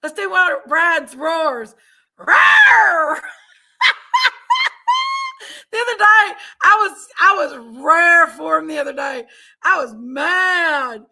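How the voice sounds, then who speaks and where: A woman hosting a casual livestream chat from home on a webcam mic, loud, laughing and bawdy. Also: very high-pitched, slow, long pauses, background noise. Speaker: livestream host. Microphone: computer webcam mic.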